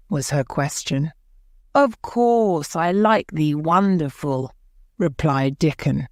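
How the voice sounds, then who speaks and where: A woman reads a storybook aloud for learners in a low, unhurried voice, each word set out carefully. The sound is close and completely dry. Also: darkish tone, no room sound. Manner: slow, clear, deliberate for learners. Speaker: narrator. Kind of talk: graded-reader story narration.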